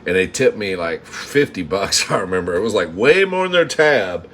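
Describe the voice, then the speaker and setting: Guy rambling a campy story on a live stream, laughs a lot, lowish voice, bit of kitchen hum. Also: moderate pace. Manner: animated, campy, laughs often, mimics customers. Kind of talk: casual storytelling to live chat. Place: home kitchen.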